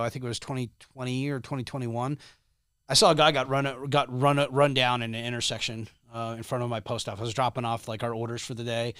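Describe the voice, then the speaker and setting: A man who is a guest on a podcast, telling a story casually in a rambling, animated way with many restarts. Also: mid-range voice, clear, resonant tone, no echo, clean studio sound.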